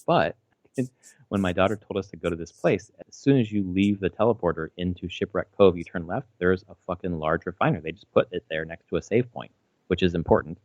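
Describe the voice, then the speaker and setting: A man's voice: deep voice, a little fast, darkish tone, dry recording. A man in his thirties chatting casually as a podcast co-host, rambling with lots of fillers and restarts and swearing freely. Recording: slightly dull, dry audio.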